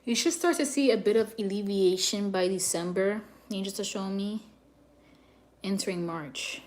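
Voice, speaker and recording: A woman's voice: mid-range voice, normal speed, a little mellow. A woman chatting casually on a livestream as a psychic reader, laughing often and sometimes dropping to near whispers. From New York.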